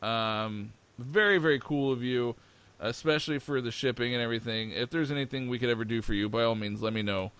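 A man's voice: medium pitch, fairly quick, a bit bright, clear, resonant tone. A man co-hosting a podcast, chatting casually and with enthusiasm, rambling with lots of fillers. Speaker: podcast co-host.

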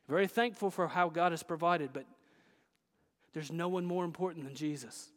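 A man preaching a sermon as pastor, emphatic, swinging between loud declarations and hushed asides. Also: on the high side, normal speed, big-room sound.

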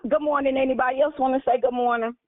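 A woman's voice: sits high, fairly even intonation. A woman hosting a morning prayer call, greeting each caller and blessing them in turn. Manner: warm, quick to bless callers. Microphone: phone. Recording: phone line.

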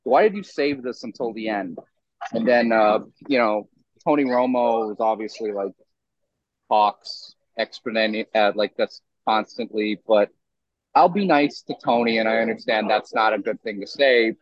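A young man in his twenties co-hosting a sports podcast, ranting in an animated way with lots of restarts. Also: on the low side, normal speed, no echo, dull audio. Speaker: podcast co-host. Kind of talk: casual sports talk.

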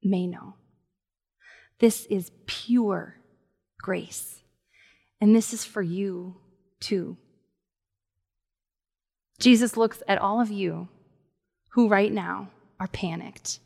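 A woman pastor preaching a sermon in a conversational way, dropping to soft, hushed tones for emphasis. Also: mid-range voice, gravelly, long reverb tail.

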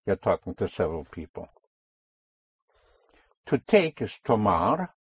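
A man's voice: on the low side, sing-song, slow, pauses often, breathy edge, no room sound. A man teaching a Spanish lesson, patiently explaining grammar and repeating his students' answers back to them. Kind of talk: language lesson.

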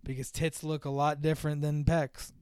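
A man co-hosting a casual movie podcast, joking crudely and slipping into quick voices when he quotes characters. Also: on the high side, little pitch movement, a little mellow, clean tone. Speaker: podcast co-host.

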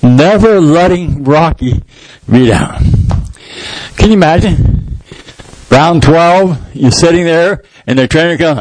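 Animated preacher man telling a story. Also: fairly high pitch, a little slow, pauses often, no room sound, low-quality recording. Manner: animated storytelling with shouted sound effects. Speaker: pastor. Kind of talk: sermon. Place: church.

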